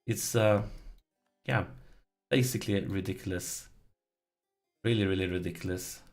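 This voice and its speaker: A low-voiced man with a gravelly edge talks through a strategy game he is playing. He is excitable, begging the game to go his way and groaning when it doesn't. Soft music plays faintly underneath. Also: unhurried. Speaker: let's play host.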